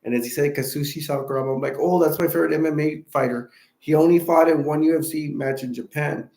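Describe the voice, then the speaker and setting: A man hosting a live stream, chatting in a halting, rambling way with many restarts and self-corrections, with hiccups. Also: on the high side, fairly even intonation, darkish tone, reverberant.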